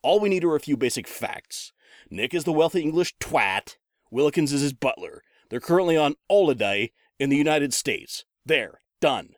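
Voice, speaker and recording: A man's voice: on the high side, animated, normal speed, dry recording, studio quality. A man narrating a comedy show, exasperated and sarcastic. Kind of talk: comedic narration and phone-call bit.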